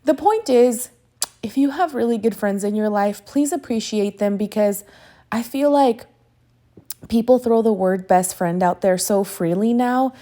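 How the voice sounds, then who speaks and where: A woman's voice: medium pitch, dark tone. A woman in her thirties hosting a crafting tutorial, chatting casually in a gushing, sentimental way with casual swearing. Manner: sentimental and emotional.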